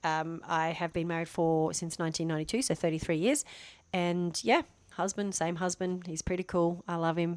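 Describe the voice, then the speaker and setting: A woman's voice: on the low side, little pitch movement, a little fast, smooth, no room sound. A woman in her fifties talking casually to camera, chatty and self-deprecating, rambling with restarts. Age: 50s. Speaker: vlogger.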